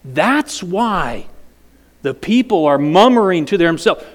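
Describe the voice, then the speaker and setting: A man's voice: high voice, sing-song, takes it slowly, in a large hall. A man preaching a sermon, dramatic and questioning the congregation directly. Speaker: pastor.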